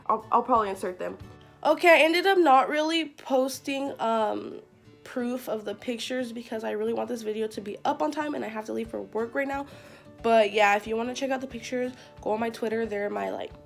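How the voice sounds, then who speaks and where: A young woman telling a story to camera in a casual vlog, chatty and excitable, full of "like" fillers. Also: fairly high pitch. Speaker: vlogger.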